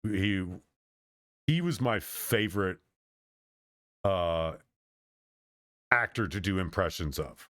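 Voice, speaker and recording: A man in his thirties talks in a loose, wandering monologue, circling back on his own sentences. His voice sits low, and the close mic sounds dry with no room around it. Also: animated, slow pace, pauses often, fairly bright tone, dry recording. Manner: meandering, with frequent restarts and trailing off. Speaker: streamer. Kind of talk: casual rambling monologue.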